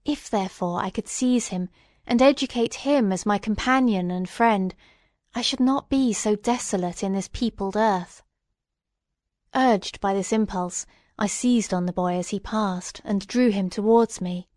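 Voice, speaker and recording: Woman audiobook reader, measured and solemn, very dry close sound. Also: medium pitch, darkish tone, dry recording. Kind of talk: literary reading aloud.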